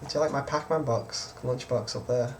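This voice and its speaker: A man's voice: medium pitch, fairly even intonation, moderate pace, slight background noise. A teenage man, casually telling a personal story in a rambling vlog from his bedroom. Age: teens. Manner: casual, rambling, quotes others with "I was just like". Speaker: vlogger.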